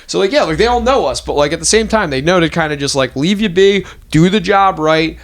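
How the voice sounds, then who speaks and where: A man's voice: a little high, lively intonation. A young man, hosting a podcast and ranting loosely with lots of fillers and swearing. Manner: rambling, profane, fast ranting with many fillers. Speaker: podcast host. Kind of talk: casual chat.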